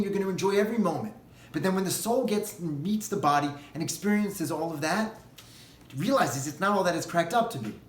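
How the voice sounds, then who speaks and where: Animated high-voiced rabbi telling a parable. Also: male voice, roomy sound. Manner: animated storyteller. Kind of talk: sermon with storytelling.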